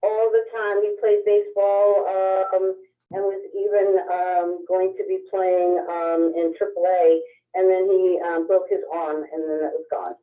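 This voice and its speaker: A woman's voice: mid-range voice, level tone, measured pace. A woman caller answering a psychic's questions, hesitant, with many ums. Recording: tinny phone line.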